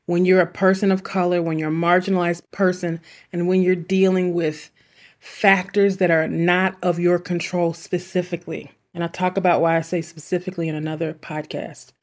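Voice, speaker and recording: A woman's voice: lowish voice, level tone, normal speed, darkish tone. A woman hosting a self-help podcast, speaking in an earnest, chatty way with asides. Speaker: podcast host. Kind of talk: reflective self-help talk.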